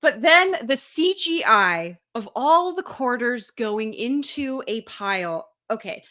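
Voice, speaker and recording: A young woman with a bright, fairly high voice, chatting casually as a podcast co-host. She is blunt and sweary, and her rants mock what she is reviewing. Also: animated, takes it slowly. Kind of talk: casual chat.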